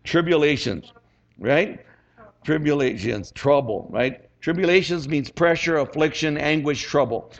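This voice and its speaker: Chatty preacher man, dull recording. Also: fairly high pitch. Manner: conversational, keeps asking the congregation "right?"; reads scripture slowly and emphatically. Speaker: pastor. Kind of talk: sermon.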